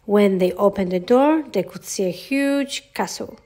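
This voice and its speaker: A woman narrates a children's fairy tale in a gentle, steady storybook voice. Her pitch sits in the middle range for a woman. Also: measured pace. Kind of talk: children's storybook read-aloud.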